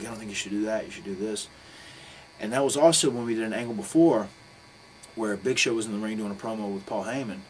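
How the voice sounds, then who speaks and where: A middle-aged man telling a story in a casual interview, swearing freely and acting out quotes with sudden loud bursts. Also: on the low side, a little hiss or hum, poor audio.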